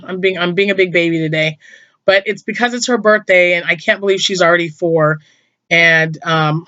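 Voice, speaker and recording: An older woman, a grandmother who vlogs about crochet, chats to camera in a dry recording. Her voice is fairly low and a bit bright, and she gets emotional and talkative, sometimes dropping to a whisper when moved.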